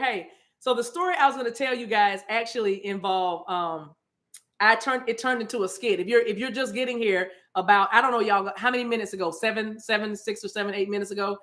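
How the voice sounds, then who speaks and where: A woman's voice: medium pitch, sharp tone. A woman hosting a spiritual livestream, chatting casually and playfully with viewers, laughing often and greeting them by name.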